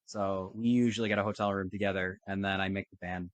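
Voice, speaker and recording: A man's voice: low-pitched, level tone, quick pace, dry recording, rough recording. A man with a Canadian accent, a keyboardist guest chatting casually with laid-back, wry humor. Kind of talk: casual chat.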